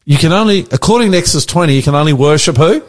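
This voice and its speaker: A man's voice: a little high, lively intonation, very fast. An Australian pastor leading a conversational Bible study, animatedly quizzing his co-host with questions.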